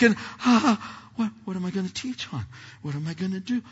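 A man preaching, a pastor telling a story in a self-deprecating, animated way with many restarts, recorded in a church sanctuary. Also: sits high, a little fast, husky. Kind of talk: sermon storytelling. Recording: dull hall reverb, lo-fi.

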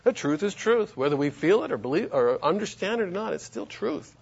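A man preaching a sermon and reading scripture aloud, emphatic and animated. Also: high-pitched, fairly quick, few pauses, slightly rough, highs cut off.

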